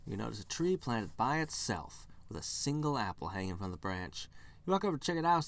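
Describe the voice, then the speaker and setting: Man, let's play host, reads game text aloud, wry playful commentary, lively pitch. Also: brisk, gravelly.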